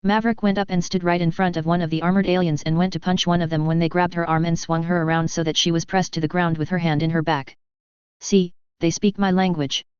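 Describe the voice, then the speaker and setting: Very smooth story narrator. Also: mid-range voice, little pitch movement, fast, hardly any pauses, no room sound, lo-fi sound.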